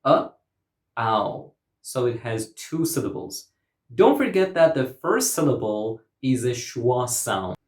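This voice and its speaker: A man teaching English pronunciation in a scripted online lesson, explaining clearly and deliberately and modeling example words. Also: medium pitch, animated, a little mellow, reverberant.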